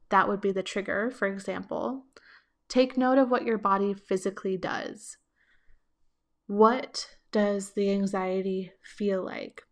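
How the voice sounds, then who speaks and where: A woman with a medium-pitched voice hosts a podcast, answering listener questions. Her relationship coaching is reflective and gentle, sprinkled with casual filler words.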